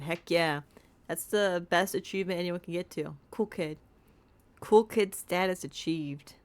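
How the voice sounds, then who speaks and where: A woman's voice: fairly low pitch, animated, slow, clear, resonant tone. A woman streamer chatting playfully while she plays a game and talks to her cat. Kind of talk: casual gameplay commentary.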